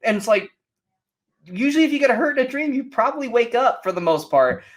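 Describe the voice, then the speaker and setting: A man co-hosting a casual movie review show, animated and mocking, often acting out quotes from scenes. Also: very high voice, brisk. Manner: animated, mocking, acts out quotes in silly voices. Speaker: podcast co-host.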